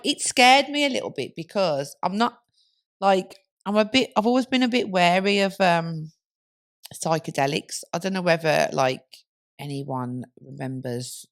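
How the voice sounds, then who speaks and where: A woman's voice: low voice, vocal fry. A woman co-hosting a podcast, casually telling a story with lots of laughter and swearing. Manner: giggly, swearing, animated storytelling. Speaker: podcast co-host.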